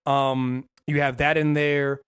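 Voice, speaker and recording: A man's voice: mid-range voice, flat delivery, slow pace, a bit bright, smooth. A man co-hosting a casual podcast, talking in long rambling runs with many restarts and some swearing. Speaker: podcast co-host. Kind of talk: casual comics podcast chat.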